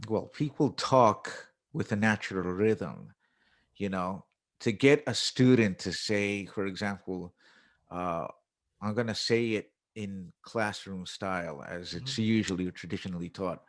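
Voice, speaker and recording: This man teaches English and plays music, and in a conversational interview he walks through his method, acting out classroom phrases along the way. His voice sits low and he takes his time.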